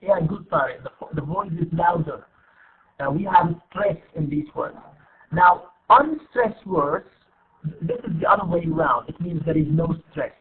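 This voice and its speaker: A man teaching an online English class, repeating his questions to students and dropping into quick asides. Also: on the high side, animated. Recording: tinny online-class audio.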